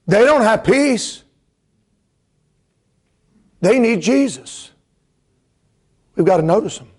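A male preacher delivering a revival sermon in a tearful state, swinging from fervent shouted bursts down to soft, quiet storytelling. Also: very high-pitched, husky.

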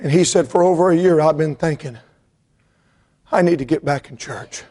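A male preacher delivers a tearful revival sermon in a voice on the high side at a moderate pace. He swings from fervent, shouted bursts down to soft, quiet storytelling.

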